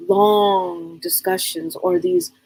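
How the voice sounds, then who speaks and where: Gravelly, husky woman talking earnestly. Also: medium pitch, very animated, slow pace, a little mellow, low-quality recording. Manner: rambling, often repeats and restarts words. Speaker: psychic medium hosting a live stream. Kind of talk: casual spiritual talk on a live broadcast.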